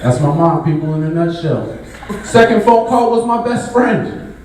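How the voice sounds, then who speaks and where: The audio is distant and very echoey, with faint noise, capturing a Bay Area man doing casual stand-up and riffing with the crowd in a large venue. His fairly high voice is a little mellow, with lively intonation and normal speed.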